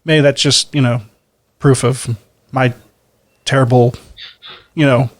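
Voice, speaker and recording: A man's voice: medium pitch, steady tone, slow pace, no room sound. Easygoing man, dry close sound. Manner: easygoing, self-deprecating. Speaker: podcast co-host. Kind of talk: casual chat.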